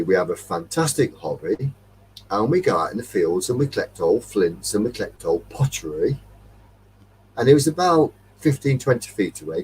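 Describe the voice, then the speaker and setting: A man's voice: on the low side, darkish tone, far from the mic, a little hiss or hum, low-quality recording. Rambling, tipsy Derbyshire man telling a story. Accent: English Midlands. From Derbyshire, England. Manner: rambling, chuckling anecdotes, acting out dialogue. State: tipsy after a few beers. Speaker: metal detecting chat host. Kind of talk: casual storytelling chat.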